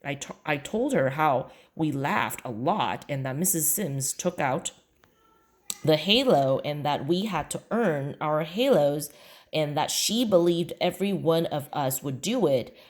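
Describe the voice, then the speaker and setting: Low-voiced woman reading a storybook. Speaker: reader. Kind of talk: reading a children's book aloud.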